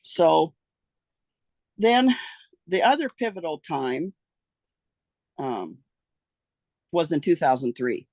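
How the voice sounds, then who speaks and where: Gravelly older woman telling her story. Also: low-pitched, big pitch swings, slow, long pauses, a little mellow, no echo. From American rural West. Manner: folksy, rambling, trails off and restarts. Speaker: interviewee recounting her life. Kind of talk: casual storytelling.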